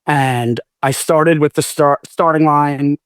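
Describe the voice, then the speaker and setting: A man's voice: a little high, steady tone, slow, smooth, no echo, studio quality. A man in his forties, a music manager, telling long self-correcting stories in a casual interview. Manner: rambling, self-correcting anecdotes. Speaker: music manager, podcast guest.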